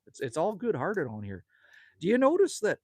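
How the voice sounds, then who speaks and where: A man's voice: high voice, wildly swooping pitch, moderate pace, darkish tone, slightly rough, dry recording. A man, hosting a casual outdoor livestream and rambling in a friendly way while reading viewer comments. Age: 50s. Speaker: livestream host. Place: outdoors at a country cabin at sunset.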